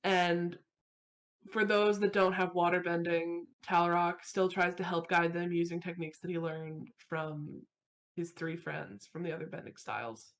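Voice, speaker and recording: A woman playing a tabletop game, calmly reading out a written epilogue for her character. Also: on the low side, normal speed. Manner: calm, descriptive storytelling. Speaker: player.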